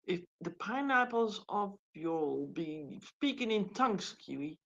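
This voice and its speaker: A woman's voice: mid-range voice, lively intonation, measured pace, creaky. A woman co-hosting a live online show, teasing and giggling at the host. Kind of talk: teasing live stream banter. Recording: muffled online call audio.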